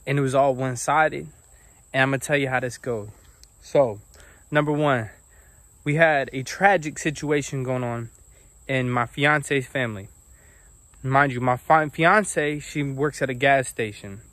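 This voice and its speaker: A young man telling a casual storytime about his own life, animated and acting out the people he quotes. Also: medium pitch, unhurried, no echo. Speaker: vlogger.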